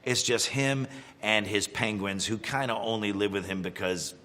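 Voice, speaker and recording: A man's voice: on the low side, normal speed, bright, forceful tone. Wry middle-aged man with reverb. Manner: dry, wry humor with fillers. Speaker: voice actor reacting to impressions. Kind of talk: playful commentary.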